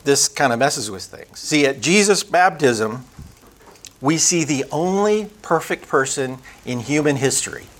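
A man teaching a conversational Bible lesson, emphatic, building up lists and slowing down on key words. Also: a little high, lively intonation.

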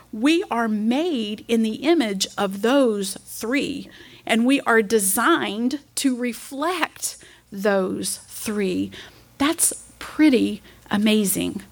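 Earnest woman preaching, slightly high voice. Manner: earnest, reads scripture aloud with slow emphasis. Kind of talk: sermon.

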